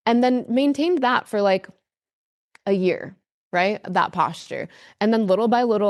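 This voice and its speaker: Earnest, low-voiced woman telling her story. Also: no echo, studio quality. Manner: earnest, emphatic storyteller, many fillers. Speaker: podcast guest. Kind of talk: candid podcast conversation.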